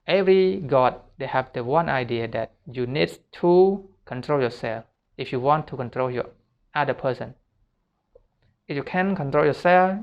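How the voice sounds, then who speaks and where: A man delivers a motivational self-help talk at an unhurried, deliberate pace. His phrasing is simple and repetitive, earnest throughout, like a non-native speaker. The recording sounds muffled and lo-fi. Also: mid-range voice, clean tone.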